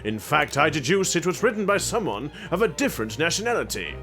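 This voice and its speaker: A man voicing a pompous British gentleman detective in a put-on British accent, speaking grandly and theatrically. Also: a little high, big pitch swings, a little fast, faint music behind. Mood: musing.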